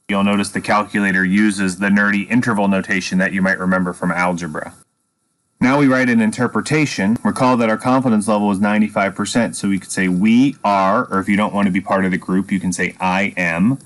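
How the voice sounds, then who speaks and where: A man teaching a statistics lesson, explaining patiently and step by step with a dry sense of humor. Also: on the low side. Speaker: math teacher. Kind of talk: screen-recorded statistics lesson.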